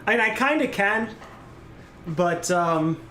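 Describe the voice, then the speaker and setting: A man's voice: sits high, expressive, slow pace, bright, forceful tone, echoey room, a little hiss or hum. A man giving live, rambling gameplay commentary and chatting casually with his viewers. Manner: rambling, casual, reads and answers chat. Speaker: gameplay streamer.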